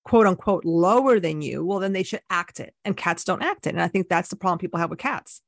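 A woman's voice: lowish voice, animated, fairly quick, creaky, dry recording. Brief chatty woman podcaster, dry sound. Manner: chatty, explains from her notes, upbeat. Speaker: podcast co-host. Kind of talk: casual chat.

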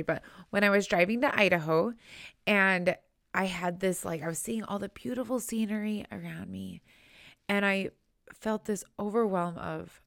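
A woman's voice: mid-range voice, vocal fry, a bit bright, dry recording, studio quality. A young adult woman hosting her own podcast, talking earnestly and chattily, often tagging "right?" onto her thoughts. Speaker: podcast host. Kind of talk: personal podcast monologue.

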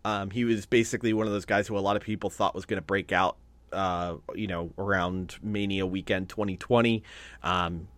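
A man co-hosting a podcast in casual chat, talking with excitement and swearing freely. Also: low-pitched, a little fast, no room sound. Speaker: podcast co-host.

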